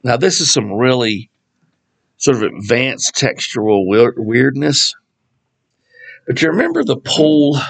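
A man teaching from the Bible in a loose, conversational way, wandering into asides before reading passages aloud. His voice sits in an ordinary middle pitch with a gravelly, fry-laden edge. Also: low-quality recording. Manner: conversational, digressive, reads scripture aloud. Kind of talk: casual Bible study teaching.

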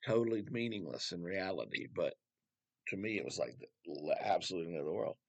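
A man's voice: sits low, animated, brisk, gravelly, muffled recording. A man giving a casual Bible teaching, talking conversationally with rambling asides and rhetorical questions.

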